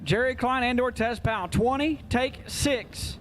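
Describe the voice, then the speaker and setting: A man calls drag races at an outdoor track in a high voice, reeling off names and numbers with quick jokes. His calls carry over the loudspeaker with faint noise behind them. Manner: rapid-fire jokey announcing. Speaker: drag racing announcer. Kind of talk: live race commentary over PA. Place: outdoor racetrack.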